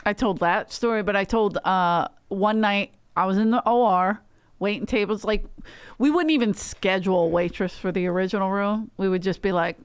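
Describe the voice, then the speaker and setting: A woman with a smooth, clear voice tells stories in a relaxed chat. She brings the people in her stories to life as she quotes them. The sound is dry and close, with no room around it. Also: mid-range voice, moderate pace, no echo. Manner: animated, acts out quoted voices. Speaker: podcast guest. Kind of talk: casual storytelling.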